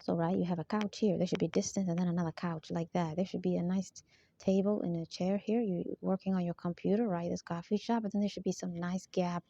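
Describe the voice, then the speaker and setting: A woman's voice: fairly low pitch, fairly even intonation, brisk, mellow. A woman in a rambling monologue who keeps asking for agreement and laughs between her points. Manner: rambling, repeatedly seeks agreement. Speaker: spiritual vlogger. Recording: dull lo-fi dry sound.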